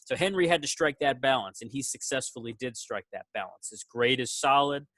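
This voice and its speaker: A man, a teacher, giving a casual award speech to his students on a video call, praising each one with animated quoted asides. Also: mid-range voice, a little fast, dry recording.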